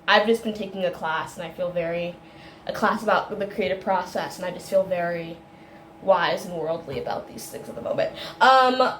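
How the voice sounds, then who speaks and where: A woman's voice: on the low side, normal speed, fairly bright tone, a little hiss or hum. A woman reviewing a film in a casual, rambling monologue, full of tangents, fillers and self-corrections, laughing often. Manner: laughs often while talking.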